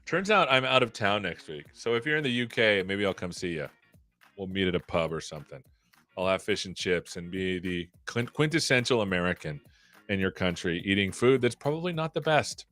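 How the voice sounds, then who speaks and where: A man's voice: deep voice, animated, a little fast, sharp tone, faint music behind. A man hosting a casual tech livestream, joking around and poking fun at himself. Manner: joking, self-deprecating. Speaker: tech show host.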